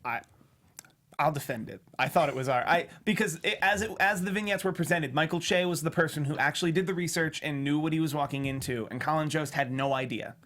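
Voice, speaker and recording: A man with a fairly high voice talks on a podcast and builds his point carefully. He stops and restarts his sentences often. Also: fairly bright tone. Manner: halting, measured, restarts often. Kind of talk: casual podcast chat.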